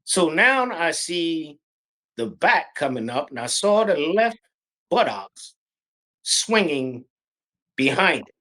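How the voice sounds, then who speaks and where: A middle-aged man from Pennsylvania telling a true encounter story in a halting, breathless, vivid way. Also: fairly high pitch, big pitch swings, bright, forceful tone. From Pennsylvania, USA. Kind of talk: animated personal storytelling.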